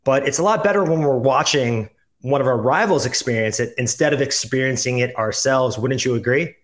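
A man's voice: medium pitch, fairly quick. A man co-hosting a sports podcast with a wry, joking delivery. He hands out tongue-in-cheek awards and likes puns. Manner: wry, joking, pun-loving. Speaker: podcast co-host. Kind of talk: casual sports chat.

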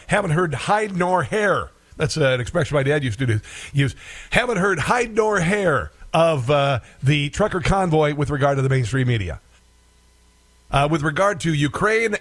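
A man's voice: on the high side, a bit bright. A man hosting a political commentary show, sarcastic and rambling, with many filler sounds.

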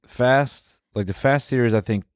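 A young man co-hosting a podcast, relaxed in casual chat, mostly chiming in with short reactions. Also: mid-range voice, moderate pace, dry recording, clean studio sound. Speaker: podcast co-host.

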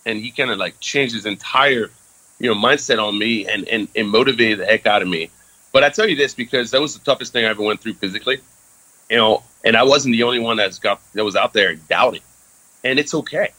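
Talking fast in a sharp, low-leaning voice, a former Army man shares a candid story as an interview guest, swearing some and using fillers constantly. The recording is dry with poor audio.

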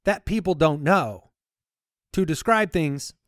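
A man's voice: fairly high pitch, slow, a bit bright, dry recording, clean studio sound. A man co-hosting a comedy podcast, telling rambling, self-deprecating stories in casual chat. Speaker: podcast co-host.

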